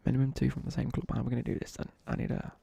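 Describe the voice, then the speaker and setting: A young man tells a rambling school story between asides about his game. His voice is deeply gravelly and somewhat husky, with a dark, mellow tone. The close mic picks up little room sound. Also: monotone, very fast, dry recording. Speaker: streamer. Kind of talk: casual chat while gaming.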